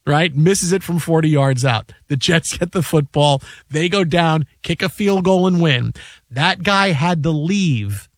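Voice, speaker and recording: High-voiced, animated sports radio host. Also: male voice, unhurried, no room sound. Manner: animated storyteller, acts out shouting fans. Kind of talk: casual sports radio chat. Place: radio studio. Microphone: studio microphone.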